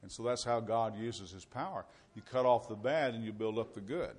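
A man's voice: on the low side, moderate pace, a little mellow. A man preaching a sermon to a congregation, mixing scripture readings with conversational, folksy asides. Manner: reads scripture aloud with rising emphasis.

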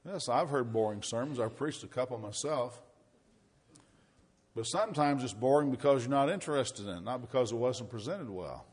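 A man preaching a sermon, reading scripture loudly and dropping low for asides and rhetorical questions. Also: fairly quick.

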